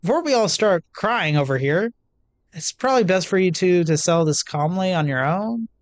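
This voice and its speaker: A woman voicing a poised, responsible club president girl who speaks in a measured, composed way. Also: fairly low pitch, lively intonation, no room sound, lightly acted. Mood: calm.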